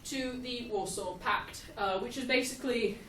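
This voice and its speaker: A young woman giving a casual, jokey history lesson, animated and laughing often. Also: a little high, moderate pace, distant mic. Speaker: history explainer. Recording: echoey room, off-mic, faint hiss.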